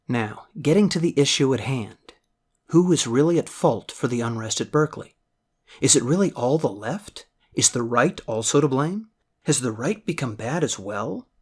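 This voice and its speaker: A man's voice: medium pitch, animated, normal speed, darkish tone, slightly rough. A man with a Midwestern accent delivers a blunt opinion monologue in an ordinary mid-range voice. His tone is sardonic and dry, and he punctuates the commentary with jokey asides. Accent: American Midwestern. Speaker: radio commentator.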